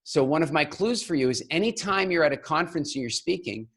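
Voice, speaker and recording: Man in his keynote voice, fairly high-pitched, lively storyteller who acts out characters; speaker for a stage talk. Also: fast. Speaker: public speaking coach.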